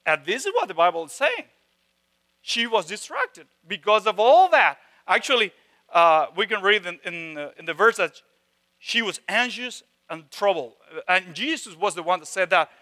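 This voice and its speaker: A pastor with a high voice preaches a sermon emphatically. He repeats phrases slowly and drops suddenly from loud stresses into hushed tones.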